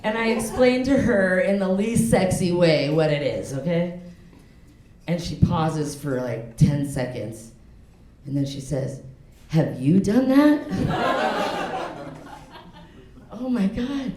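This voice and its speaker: In an echoey comedy club full of loud, laughing audience members, a woman in her forties delivers a stand-up set. Her voice sits on the low side with lively intonation, and she speaks slowly with long pauses, talking frankly and laughing at her own jokes.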